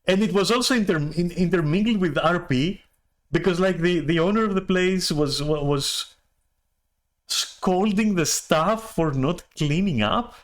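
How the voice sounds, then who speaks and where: A man streamer telling a story in a casual rant, animated, swearing and restarting often. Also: high voice, unhurried.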